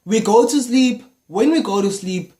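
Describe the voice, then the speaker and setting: A young man with a South African accent, telling a personal story in a casual, animated vlog style. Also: high-pitched, normal speed. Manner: casual, animated retelling with slang fillers. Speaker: YouTuber.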